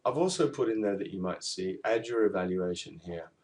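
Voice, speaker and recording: A man's voice: deep voice, expressive, brisk, darkish tone. A man giving a recorded university lesson on referencing, explaining step by step with fillers and self-corrections. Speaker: university tutor. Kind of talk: recorded lecture on assignment referencing.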